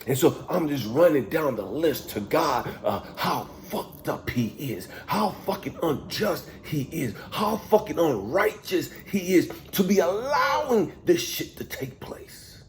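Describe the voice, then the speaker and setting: A man giving an emotional spoken monologue as a life coach, heavily profane and intense, swinging from loud outbursts to near whispers. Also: a little high, very animated, measured pace, few pauses, a little hiss or hum.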